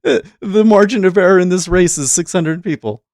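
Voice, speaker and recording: A man's voice: high voice, a little fast, darkish tone, dry recording. A man hosting a casual livestream, talking in a rambling, chatty way with frequent restarts, into a close desk mic. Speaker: host.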